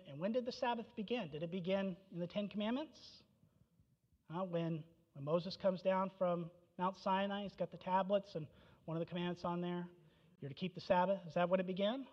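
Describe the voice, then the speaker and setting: A man's voice: high voice, moderate pace. A man pastor preaching a sermon, asking rhetorical questions and citing scripture verses, on a dull lo-fi recording.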